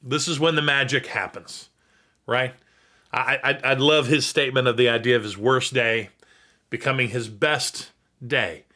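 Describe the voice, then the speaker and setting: A man who is a pastor, teaching on scripture in a reflective way, reading verses slowly and repeating his key points. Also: medium pitch, fairly even intonation, pushed and bright. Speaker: pastor and host. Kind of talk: sermon-style teaching on scripture.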